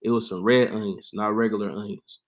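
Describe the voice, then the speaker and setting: A young man, a barber and home cook, talking casually as an interview guest, laid-back and laughing often, getting animated when he quotes people. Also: fairly low pitch, a little fast. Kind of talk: casual conversational storytelling.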